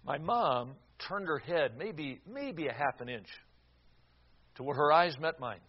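High-voiced older man preaching a story. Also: sing-song, a little slow, husky, lo-fi sound. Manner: storytelling, dramatic swings from shouting to hushed. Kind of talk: sermon with personal story.

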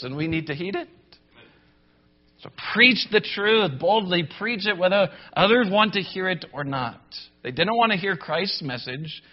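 Male preacher, emphatic sermon delivery with loud peaks and low grave drops, a bit high-pitched. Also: expressive, a little slow, muffled recording. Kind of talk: sermon to pastors.

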